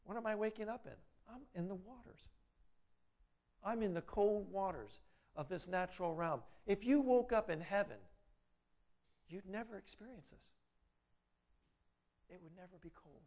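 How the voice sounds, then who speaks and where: Gravelly-voiced man preaching a sermon. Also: expressive, normal speed, pauses often. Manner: rises loud on exhortations, drops quiet and low for inner voices. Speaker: pastor.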